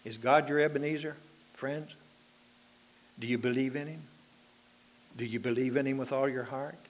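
A man preaching a sermon in an earnest way, lifting his voice for emphasis and dropping it low and quiet when he appeals to his listeners. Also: fairly even intonation, moderate pace, slight background noise.

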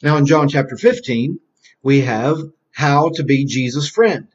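Speaking in an animated mid-range voice, a man quizzes children during a Bible lesson and takes his time answering his own questions. Key phrases get repeated through call-and-response drilling, and the lo-fi audio is dull.

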